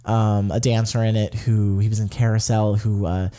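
A man's voice: fairly low pitch, level tone, moderate pace, dark tone, clean tone. A man co-hosting a podcast, talking loosely and casually. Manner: conversational, loose, many fillers like "kinda like". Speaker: podcast co-host. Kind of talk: casual chat.

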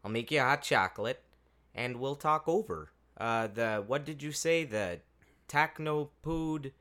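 A man's voice: medium pitch, animated, a little slow, fairly bright tone. A man playing a friendly, folksy rural man with a Canadian accent in an improvised comedy podcast skit, talking with a hospitable drawl.

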